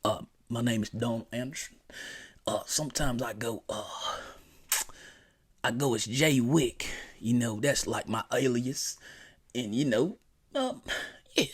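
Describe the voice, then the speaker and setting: A man's voice: mid-range voice, unhurried, pauses often, husky, pitched below the performer's own voice. A man voicing a timid country boy who pleads with the police in a hesitant, mumbling way. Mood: meek pleading. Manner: mumbling, hesitant, full of ums and uhs.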